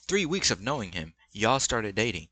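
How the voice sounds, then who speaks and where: A man's voice: lowish voice, sing-song, normal speed, sharp tone. A young man giving blunt, rambling relationship advice in casual, slang-filled commentary.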